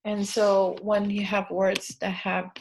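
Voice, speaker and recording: Woman teacher, slow and patient, spelling lesson for kids, keeps checking in, faint background hiss. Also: mid-range voice, little pitch movement, darkish tone. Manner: slow and patient, repeats words, says "okay" often.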